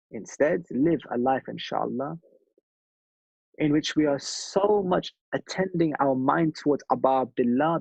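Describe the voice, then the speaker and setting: Speaking earnestly at a gathering of mourners, a man preaches in a rhythmic way, repeating phrases to drive them home. His medium-pitched voice is creaky, husky, and a little mellow, captured without echo in lo-fi sound.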